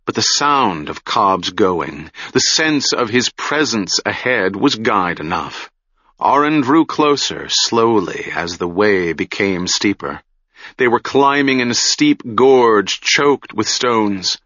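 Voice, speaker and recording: A man narrates an audiobook in a measured, dramatic storytelling style at a slow, unhurried pace. His tone is bright and forceful, and his voice sits fairly low. The recording is dry and a little dull. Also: animated, no echo.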